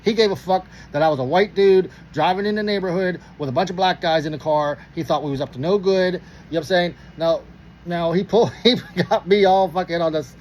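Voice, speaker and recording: Casual male storyteller from Pittsburgh: quick, swearing, acts out the dialogue. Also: sits high, muffled recording, slight background noise. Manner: profane, animated, acts out dialogue.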